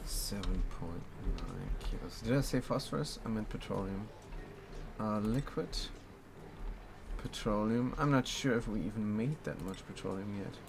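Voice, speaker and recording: A man's voice: fairly low pitch, moderate pace, gravelly, noisy background. A man from Germany casually commenting on his game while answering chat in a laid-back way. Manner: laid-back, reads chat aloud, chuckles often. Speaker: streamer.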